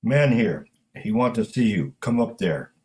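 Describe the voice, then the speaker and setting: A man voicing a hesitant male building manager who speaks in halting, clipped phrases, in a spoken story. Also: on the low side, animated, a little mellow.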